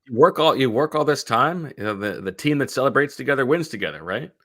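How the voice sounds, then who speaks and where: A man's voice: medium pitch, animated, fairly bright tone, no echo, clean studio sound. A man co-hosting a sports podcast, reading an ad and chatting about football with many fillers and restarts. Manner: halting, filler-heavy delivery. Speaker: podcast co-host. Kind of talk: casual sports chat with host-read ads.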